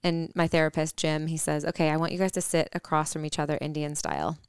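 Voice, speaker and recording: A woman in her thirties tells a personal story with earnest reflection, pausing on fillers and restarts. Her voice sits low and very clear, with a gravelly edge at the ends of phrases, recorded dry and close. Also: flat delivery, dry recording. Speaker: podcast co-host.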